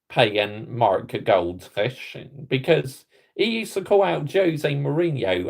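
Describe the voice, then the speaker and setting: Fan-channel host, West Country man, unhurried and croaky, indignant and blunt, repeating stock phrases. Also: medium pitch, darkish tone. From Somerset, England. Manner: indignant, blunt, repetitive catchphrases. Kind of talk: ranting reaction vlog.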